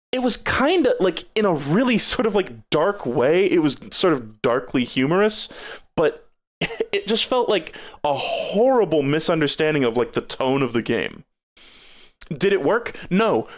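Animated high-voiced man ranting about a game. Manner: profane, exasperated, sarcastic. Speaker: streamer reviewing games. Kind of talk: casual game review rant on a stream.

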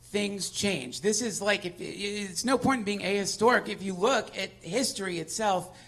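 A man guesting on a live comedy podcast, ranting excitedly and swearing a lot, sometimes building to shouts. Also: sits high, moderate pace. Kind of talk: casual comedic chat on a live show. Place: live venue on stage.

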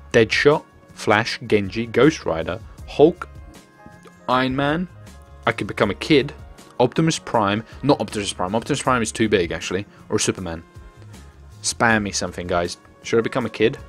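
A young man giving excitable live commentary on his gameplay stream, joking with chat and swearing. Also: fairly low pitch. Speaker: gaming streamer.

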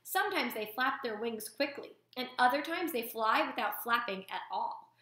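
A woman doing a calm, formal robot mother. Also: fairly high pitch, roomy sound. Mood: instructive. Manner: measured, formal.

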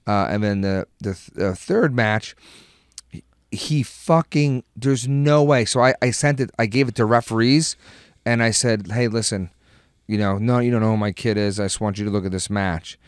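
A middle-aged man with a low voice, chatting as a guest and spinning rambling, profane stories through bursts of laughter. His voice is close and dry, with no room sound around it. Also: normal speed, smooth, dry recording. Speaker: podcast guest. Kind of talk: casual chat, storytelling.

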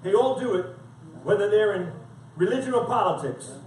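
A man's voice: high-pitched, expressive, normal speed, darkish tone, a little hiss or hum. A man preaching a sermon, reading scripture dramatically and with emphasis. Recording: echoey room from far off, faint background.

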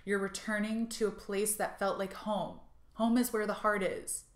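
A woman's voice: mid-range voice, steady tone, moderate pace. A woman giving an intuitive card reading to her viewers. She talks in a bubbly, gushing way, with frequent laughs and fillers. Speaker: tarot and intuitive card reader. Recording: roomy echo.

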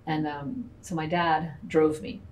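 A woman's voice: low-pitched, little pitch movement, slow pace, a little mellow. A woman co-owner of a restaurant, sharing candid personal stories in a panel talk and acting out family dialogue. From United States. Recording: distant mic with faint background noise.

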